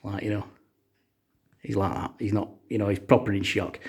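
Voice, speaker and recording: A man's voice: on the low side, level tone, normal speed, gravelly, long pauses, a little mellow, slightly rough. Rambling male storyteller. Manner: rambling, lots of filler "uh"s and "bloody". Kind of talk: comic storytelling.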